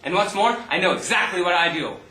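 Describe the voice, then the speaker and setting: An actor in an amateur stage play playing a bored, clever analyst who talks in a mock-formal way and grows smug and scheming. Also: male voice, high voice, lively intonation, fast talker, pushed and bright, distant mic. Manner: mock-formal, musing aloud, gleeful when plotting. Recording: echoey hall.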